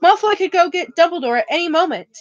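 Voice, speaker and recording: A woman's voice: very high-pitched, expressive, fast talker, no room sound, muffled recording, voice pushed up. A woman voicing an eleven-year-old schoolboy wizard in a read-aloud storybook, urgent and pleading.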